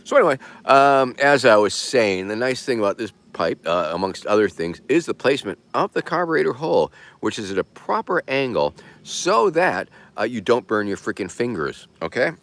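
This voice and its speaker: A man's voice: medium pitch, sing-song, moderate pace, hardly any pauses, a bit bright. A man hosting a casual livestream who rambles in a laid-back way and swears casually. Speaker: streamer host.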